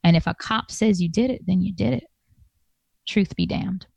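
A woman with a master's degree speaks at medium pitch and normal speed, her darkish voice showing vocal fry. She tells an audience a personal story in a conversational, emphatic way, imitating the people she quotes. No room sound is present.

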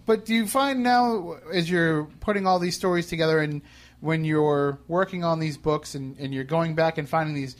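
Chatty radio host with a higher voice. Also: male voice, normal speed. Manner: chatty, joking, rambling questions. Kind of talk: casual interview.

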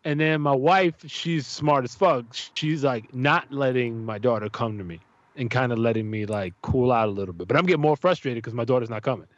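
A man's voice: mid-range voice, fairly quick, dry recording. A man tells a story in casual chat, swearing freely and jumping into the voices of the people he describes. His voice sits in a middle register. The recording is dry and slightly muffled. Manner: animated, profane, acts out voices in his stories.

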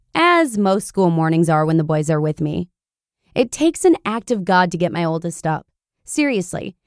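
A woman podcast host reading a blog post aloud in an expressive, animated storytelling manner. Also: mid-range voice, no room sound, clean studio sound.

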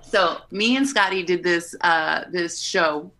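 A woman guest on a podcast, chatting casually and telling lively stories, often laughing and acting out what people said. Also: fairly low pitch, takes it slowly. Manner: animated storyteller, laughs often, acts out quotes. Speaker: podcast guest, haunt performer. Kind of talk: casual interview chat.

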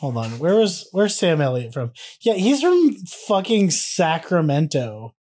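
A man co-hosting a podcast in casual chat, wry and quick to swear. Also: a little high, sing-song, darkish tone. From American South. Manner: profane, wry banter. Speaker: podcast co-host.

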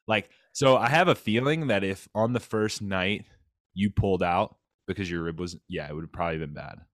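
Man, very deep voice, dry sound, chatty host, acts out quotes. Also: normal speed, no echo. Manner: animated retelling with quoted voices, filler-heavy. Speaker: podcast host, fellow cyclist. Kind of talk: casual chat.

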